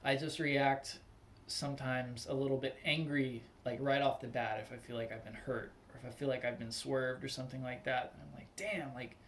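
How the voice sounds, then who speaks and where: A young man talking casually on his own, rambling with lots of "like" and acting out quick angry replies. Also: mid-range voice, level tone, fairly bright tone, slight background noise. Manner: loose and rambling, full of "like", acts out angry quotes. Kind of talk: casual spoken monologue.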